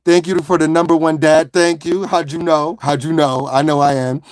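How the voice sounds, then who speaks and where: A man with a notably high speaking voice hosts a loose, joking live stream. He greets viewers one by one, laughs often and clowns around between shout-outs. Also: moderate pace, no room sound, studio quality. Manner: playful, animated, laughing, greeting chat. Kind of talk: casual live-stream chat.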